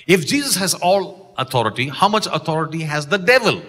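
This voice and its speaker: In a church sanctuary drenched in long reverb, a Malaysian English-accented pastor preaches with exuberance, his fairly high voice swinging widely in pitch at a fairly quick pace. He shouts key lines and draws responses from the congregation.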